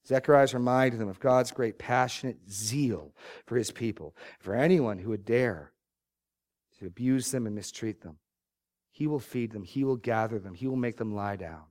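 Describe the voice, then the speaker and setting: Male pastor mid-sermon, emphatic scripture reading, hurried asides to the congregation, mid-range voice. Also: mid-range voice, darkish tone. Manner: preaching with rising emphatic bursts on scripture.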